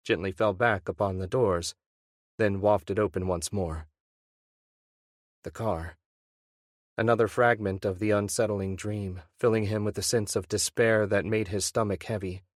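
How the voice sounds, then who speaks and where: A man reading a suspense audiobook in a measured, subdued way. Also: on the low side, dry recording, studio quality. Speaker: audiobook narrator. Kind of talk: scripted narration.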